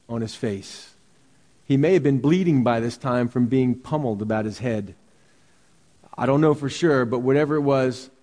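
A man's voice: mid-range voice, a little mellow, big-room sound. A man preaching a sermon as pastor, earnest and full of rhetorical questions.

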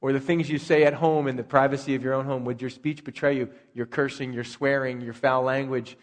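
A man's voice: mid-range voice, steady tone, a little fast, in a large hall. A male pastor preaching a sermon in a conversational way, asking rhetorical questions.

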